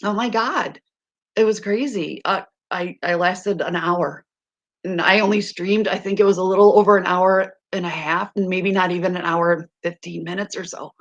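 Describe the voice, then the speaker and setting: A middle-aged woman with a hoarse voice, chatting casually on a live stream to her viewers, rambling and laughing often. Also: on the low side, fairly even intonation, normal speed, muffled recording.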